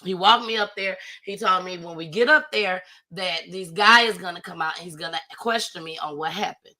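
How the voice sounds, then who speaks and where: A woman's voice: on the low side, a little fast, pushed and bright. A woman, telling a story in a casual live-stream chat and acting out her own panicked cries. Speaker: storyteller guest.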